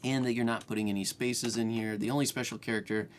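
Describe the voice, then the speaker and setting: Speaking quickly in a steady, medium-pitched voice, a man runs a coding tutorial over screen share from his home. He's casual, restarting often and leaning on fillers, while slight background noise hums along.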